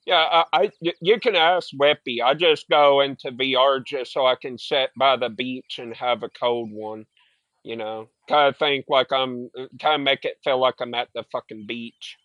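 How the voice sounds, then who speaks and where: A man's voice: medium pitch, moderate pace, fairly bright tone, no echo, lo-fi sound. A young man streaming a game, telling rambling, profane stories in casual chat. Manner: rambling, profane storytelling with filler words. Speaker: gaming streamer. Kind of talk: casual chat while gaming.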